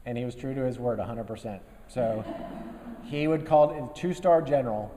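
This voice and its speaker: A man in his fifties speaks as a guest general to a business group, with a mellow, warm voice at an ordinary pitch. He tells folksy stories with dry humor in a relaxed, conversational way, full of fillers. The sound has the long reverb of a meeting hall. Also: brisk, slight background noise. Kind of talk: after-lunch speech to a business group. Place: meeting room before a live audience.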